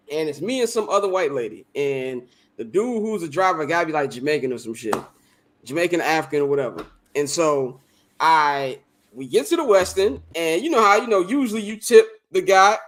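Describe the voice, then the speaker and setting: A young man with a high, bright and forceful voice spins a rowdy, profane story on a casual podcast. He talks in an animated way and keeps laughing between the lines. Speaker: podcast co-host.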